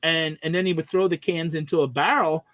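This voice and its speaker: A man's voice: on the high side, fairly even intonation, fairly quick, a bit bright, dry recording. Rambling man telling a pet story. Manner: rambling storytelling with many restarts. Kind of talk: casual chat.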